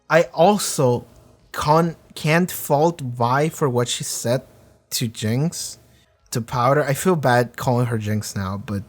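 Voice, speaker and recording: A man hosting a reaction video, talking through an episode in a rambling, low-energy way with many fillers. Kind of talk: casual spoken review.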